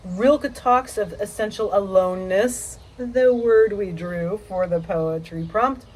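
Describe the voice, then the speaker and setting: A woman's voice: mid-range voice, slow. Playful woman hosting a poetry vlog. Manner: playful, dramatic, lively delivery. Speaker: poetry channel host. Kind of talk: casual literary vlog with poem reading. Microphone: home setup mic.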